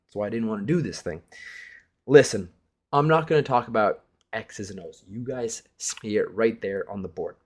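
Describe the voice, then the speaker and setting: A young man, the league commissioner, giving a casual self-mocking recap of his fantasy hockey league, swearing freely. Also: mid-range voice.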